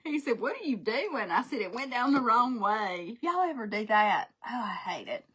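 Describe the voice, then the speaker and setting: A woman's voice: a little high, lively intonation, normal speed, pushed and bright, breathy edge. A woman, chatting and telling stories while crafting live, laughing often. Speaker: craft livestream host. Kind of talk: casual chat while crafting.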